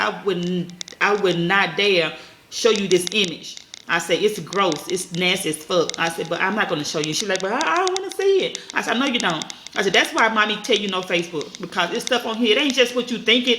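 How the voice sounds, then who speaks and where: A mother in her thirties telling a story to her viewers, talking fast and bluntly and swearing freely. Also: mid-range voice, pushed and bright. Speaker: vlogger, mother. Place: at home. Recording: echoey room, faint noise.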